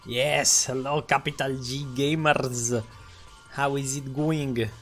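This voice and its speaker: A man's voice: mid-range voice, steady tone, takes it slowly, fairly bright tone, faint music behind. A man live-streaming a strategy game, chatting crudely with viewers and reading in-game text aloud, with sarcastic asides and frequent swearing.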